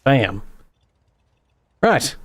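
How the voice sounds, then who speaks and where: A man talks his way through a live game session in a loose, muttering commentary, as if chatting to himself. His voice sits at an ordinary middle pitch. The sound is close and dry, with no room around it. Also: big pitch swings, very slow, husky, no echo. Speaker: gaming streamer. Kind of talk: casual live gameplay commentary.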